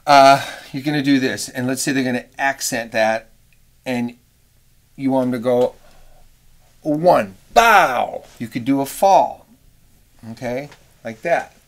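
A middle-aged man explains horn arranging in a loose, easygoing way, stopping now and then to sing rhythms in scat syllables. His voice sits at an ordinary pitch for a man. He comes across as an unhurried music teacher. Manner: relaxed, rambling, sings rhythms with scat syllables. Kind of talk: casual instructional talk.

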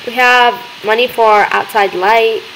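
A young woman hosting a gaming video, chattering excitedly as she plays and talking to the characters on screen. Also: fairly high pitch, measured pace, a little hiss or hum, poor audio. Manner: excitable, gasping, talks to game characters. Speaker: gaming channel host. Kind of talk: let's-play commentary.

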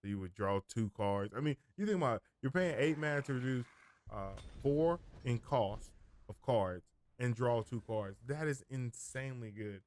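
A man's voice: medium pitch, lively intonation, normal speed, darkish tone, no room sound. A man giving casual gameplay commentary as a streamer, thinking aloud, rambling and often correcting himself mid-sentence.

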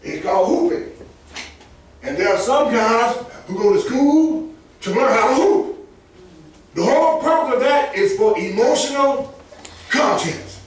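A man preaching a sermon, emphatic and animated, often rising into shouts and chuckling between points. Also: very high-pitched, unhurried, long pauses, a little hiss or hum. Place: church sanctuary. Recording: echoey church from far off.

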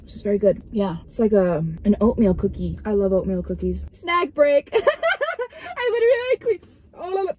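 Sitting in her parked car, a young woman records a casual vlog, her medium-pitched voice soft and mellow. Her chatter wanders, she giggles a lot, and little things make her jump.

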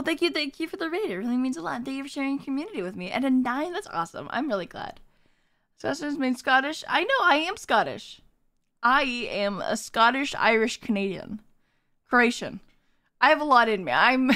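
A woman's voice: high voice, pushed and bright. A woman streamer chatting with her viewers, bubbly as she reads and thanks the chat.

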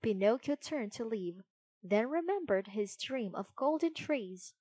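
A woman narrating a children's storybook in an expressive, unhurried way. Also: fairly high pitch, no room sound.

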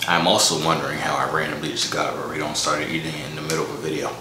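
A man's voice: very deep voice, level tone, very fast. A young man hosting comedic reaction commentary, joking and wry while he eats. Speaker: host. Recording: roomy room echo, faint noise.

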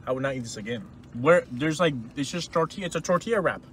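Young guy rattling off quick blunt jokes, eating in a parked car. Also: a little high, animated, a little hiss or hum. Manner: teasing, blunt. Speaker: podcast co-host doing a food review. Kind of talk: casual chat while eating.

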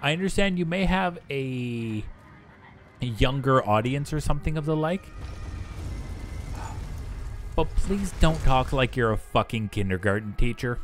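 A man's voice: mid-range voice, animated, measured pace, long pauses, soft background music. A young man chatting casually and bluntly with profanity while streaming a game. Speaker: gaming streamer. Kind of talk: casual chat while gaming.

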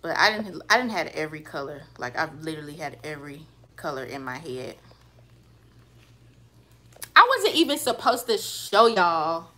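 A woman's voice: deep voice, sing-song, moderate pace, long pauses, bright, forceful tone. Chatty young woman with a Carolina accent. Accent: Southern US (Carolina). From North Carolina or South Carolina, US. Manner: chatty, loose, trails off with fillers. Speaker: hair vlogger reading live comments. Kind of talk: casual chat, livestream. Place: at home, indoors.

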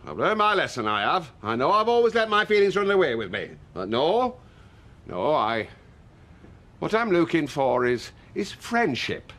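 A man's voice: on the high side, very animated, moderate pace, a bit bright. An actor playing a pompous older male pub landlord, grandly declaiming in a TV drama. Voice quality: grandiose, repetitive phrasing. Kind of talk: TV soap drama acting.

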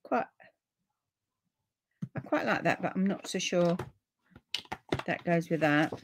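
A middle-aged woman with a British accent hosting a relaxed live papercraft stream, chatting to viewers and easily delighted. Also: on the low side, takes it slowly, noisy background. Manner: chatty and easily delighted, with frequent gasps and laughs.

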